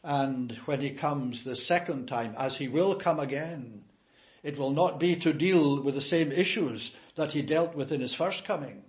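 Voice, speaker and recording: A man preaching a sermon in a measured, emphatic way, with frequent hesitations and filler sounds. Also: fairly high pitch.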